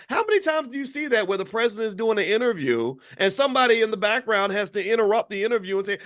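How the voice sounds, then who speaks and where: Emphatic animated man. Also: fast, few pauses. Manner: emphatic, animated, repeats himself, swings from low and quiet to high and loud. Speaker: commentator on Black economics. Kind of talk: casual monologue commentary.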